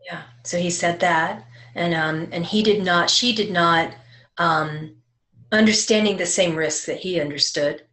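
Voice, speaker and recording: A woman psychic medium in casual conversation, animated and laughing often, dropping to a hush when quoting. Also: on the low side, unhurried. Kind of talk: casual chat.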